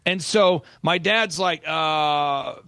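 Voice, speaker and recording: A man's voice: high voice, lively intonation, a little fast, fairly bright tone, no room sound. A middle-aged man from Oklahoma, a podcast host telling a personal story with energy and acting out the people he quotes. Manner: storytelling, acts out quoted voices. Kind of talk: animated storytelling in a podcast chat.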